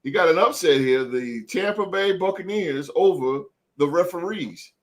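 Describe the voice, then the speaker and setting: Man, podcast host, casual sports talk, hyped, slangy, slightly high pitch. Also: animated, normal speed. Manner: hyped, keeps tagging lines with "man" and "son".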